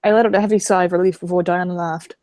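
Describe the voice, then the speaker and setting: Woman reading game narration, mellow voice. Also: on the low side, rapid-fire, no echo. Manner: steady first-person reading. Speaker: streamer reading a visual novel.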